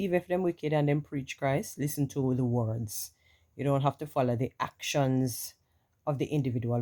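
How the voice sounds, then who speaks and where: A woman with a Jamaican accent and a naturally deep voice, froggy and rough from the morning, rambling casually to her followers with many "you know"s. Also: warm tone. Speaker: vlogger. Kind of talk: casual talking-to-camera monologue.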